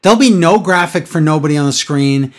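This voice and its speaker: Woman, podcast co-host, casual chat, wrestling recap, sarcastic, exasperated, very lively pitch. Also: brisk.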